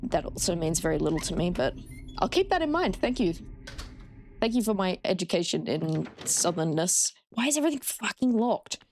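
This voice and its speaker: A woman's voice: lowish voice, very animated, moderate pace, a little mellow, slight background noise. A young Australian woman casually chatting with her chat while she plays a horror game, swearing freely. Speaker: streamer. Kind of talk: casual gameplay commentary.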